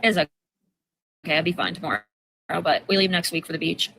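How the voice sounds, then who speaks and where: A middle-aged woman rambles bluntly through a casual livestream chat, swearing at every turn. Her voice sits a little low yet sounds bright. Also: expressive, fast talker, vocal fry, a little hiss or hum. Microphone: home computer mic on a video call.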